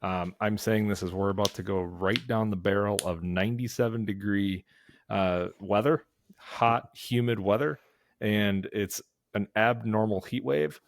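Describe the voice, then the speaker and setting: A man with a fairly low voice walks through lawn care steps in a relaxed, chatty way. He leans on filler words and restarts as he explains. The sound is dry and close. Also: unhurried, dry recording. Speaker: lawn care podcast host. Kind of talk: casual instructional talk.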